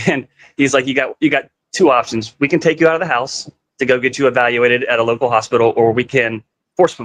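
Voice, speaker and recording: A man speaks a little fast as a guest in an easygoing storytelling chat, his medium-pitched voice fairly bright and fairly even in intonation. He rambles, fills gaps with "like," and plays out what others said, all on a low-quality recording.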